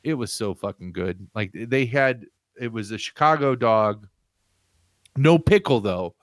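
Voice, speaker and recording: A man in casual chat, telling an animated, rambling story from his home on a video call. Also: medium pitch, unhurried, dry recording, clean studio sound. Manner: animated, rambling, laughs while telling stories. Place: home room with pinball machines.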